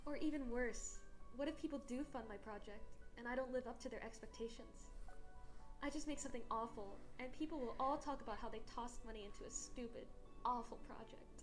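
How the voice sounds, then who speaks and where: A woman's voice: a little high, a little fast, soft background music, natural voice. A woman voicing an earnest young dragon girl. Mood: anxious. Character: young female dragon, anxious but hopeful dreamer. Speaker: visual novel character.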